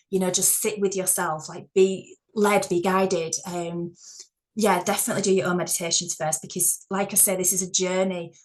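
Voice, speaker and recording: A woman telling a personal spiritual story in a casual, candid way, swearing freely and growing animated. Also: mid-range voice, low-quality recording. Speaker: spiritual vlogger.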